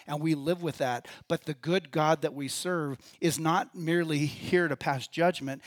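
A man's voice: a little high, dry recording. A man preaching a sermon in church as pastor, talking in a conversational way and putting questions to the congregation.

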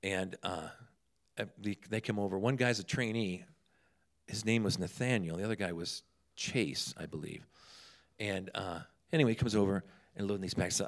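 With a fairly low pitch and brisk delivery, a man tells ministry stories as a guest in a casual chat. He's funny and animated, voicing the people in his stories as he goes.

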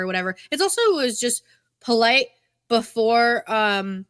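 A woman's voice: fairly high pitch, animated, moderate pace, a bit bright, clear, resonant tone, no echo, studio quality. A woman from New England co-hosting a podcast, telling candid stories and swearing casually. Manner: candid, swearing, chatty storyteller. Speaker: podcast co-host.

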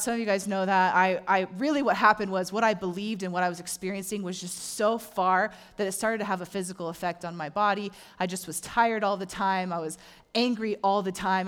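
A middle-aged woman pastor preaching a sermon, animated and acting out the voices she quotes. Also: mid-range voice.

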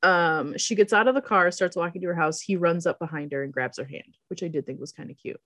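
A woman's voice: fairly low pitch, quick pace, fairly bright tone, no echo. Laughing woman recapping a movie. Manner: laughs often, acts out quoted lines. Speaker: podcast co-host recapping a movie. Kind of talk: casual chat.

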